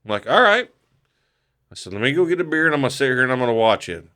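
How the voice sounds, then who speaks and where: A middle-aged man spins a profane, animated yarn as a podcast guest, slipping into other people's voices as he tells it. His tone is bright and forward at a middling pitch. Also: fast. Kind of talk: casual storytelling.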